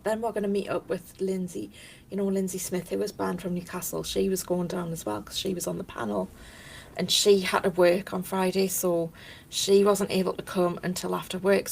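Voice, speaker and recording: A woman's voice: lowish voice, vocal fry, a little hiss or hum, poor audio. A woman talking casually to camera in a chatty, rambling way, drifting off topic and laughing often. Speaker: vlogger.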